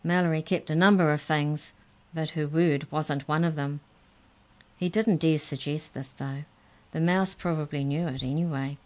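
A woman reading a children's story aloud in a gentle, even storytelling manner. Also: low-pitched, normal speed.

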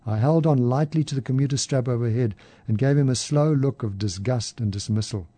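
A man narrates a first-person story in a measured, even manner. His voice is dark and mellow. The sound is dry and close. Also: medium pitch, no echo.

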